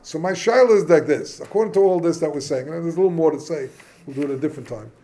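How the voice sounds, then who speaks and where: A man gives an informal Torah class, peppered with Hebrew and Yiddish terms. His voice sits a little high. He asks questions and works through the points in a loose, chatty way. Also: quick pace, dark tone. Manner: casual, questioning, yeshivish phrasing mixed with English. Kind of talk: informal Talmudic lesson.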